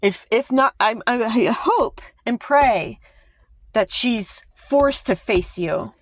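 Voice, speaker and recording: A woman's voice: a little high, slow, dry recording. A woman vlogging a heated, emphatic commentary, sighing and restarting her sentences as she talks. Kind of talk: impassioned casual commentary to camera.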